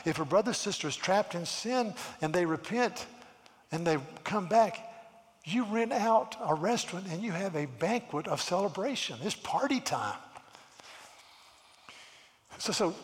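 Animated male preacher in a reverberant hall. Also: on the high side. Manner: animated, repeats words, acts out quoted people. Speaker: pastor. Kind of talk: sermon.

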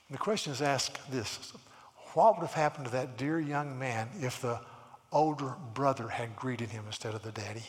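A man preaching a sermon in a church, animated, often repeating words and acting out the people in his stories. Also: mid-range voice, moderate pace, big-room sound. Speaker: pastor.

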